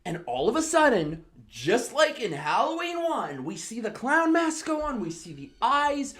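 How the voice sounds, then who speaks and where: A tipsy woman rambles through a drunk comedic movie recap, all swearing and exclamations. Her voice sits a little high and swoops up and down freely. She takes her time with each line. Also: a little slow. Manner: animated, swearing, exclamatory storytelling. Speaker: host.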